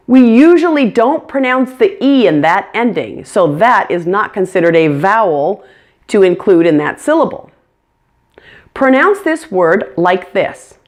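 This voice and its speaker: A woman's voice: mid-range voice, a little mellow. A woman teaching English pronunciation, speaking carefully and demonstrating each sound. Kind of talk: pronunciation lesson.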